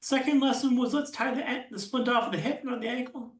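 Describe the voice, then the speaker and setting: A man giving a keynote speech as a storyteller, with punchy lines, dramatic pauses and self-deprecating humor. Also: very high-pitched, fairly even intonation, reverberant, far from the mic. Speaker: keynote speaker. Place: conference hall stage.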